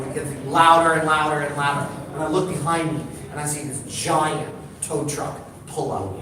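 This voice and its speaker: Animated male storyteller in an echoey hall. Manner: animated, building to excited high-pitched bursts. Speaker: speaker at a live talk. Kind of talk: comic storytelling on stage. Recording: echoey hall, distant mic, noisy.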